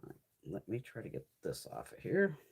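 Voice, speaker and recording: A chatty beauty haul host swatches makeup for viewers, her pitch swinging hugely with lots of life. Her voice is a little fast, a little mellow and slightly rough, and she swears and laughs easily. She responds to viewers' live comments in a loose, unscripted way.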